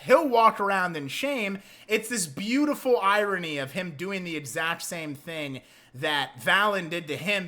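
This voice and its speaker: A man recaps a film in a casual review, excitable and profane. His voice is bright and a little high. He talks with loose, animated energy.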